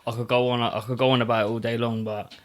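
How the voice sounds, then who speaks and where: A man's voice: mid-range voice, flat delivery, fast talker. A man, a boxer, talking earnestly and reflectively in a casual podcast chat. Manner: earnest, reflective, many fillers. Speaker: boxer guest.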